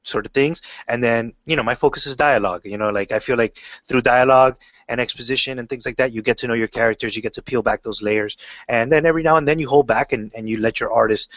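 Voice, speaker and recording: A man's voice: medium pitch, quick pace, dry recording, muffled recording. A man chatting casually in an interview about his writing, telling stories in a loose way with lots of fillers and restarts. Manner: relaxed storytelling, many fillers and restarts. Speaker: comic book writer.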